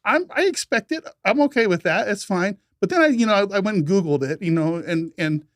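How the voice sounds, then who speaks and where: A man's voice: sits high, a little fast, dry recording, clean studio sound. A man co-hosting a gaming podcast, talking casually, joking and swearing freely. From United States. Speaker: podcast co-host. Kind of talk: casual chat.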